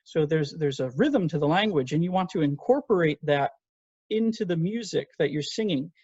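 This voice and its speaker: A man's voice: a little high, expressive, normal speed, darkish tone, breathy edge, dry recording. Male voice teacher on a dull video call. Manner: patient, explanatory, sings phrases to demonstrate. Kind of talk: online voice lesson coaching.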